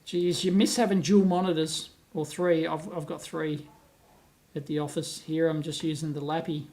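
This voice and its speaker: A man's voice: fairly high pitch, flat delivery, moderate pace. Chatty Australian man rambling on a livestream. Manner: rambling and chatty, laughs often, thinks out loud with restarts. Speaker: livestream host. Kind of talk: casual live-stream chat, reading viewer comments aloud. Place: at home on a laptop, away from his office.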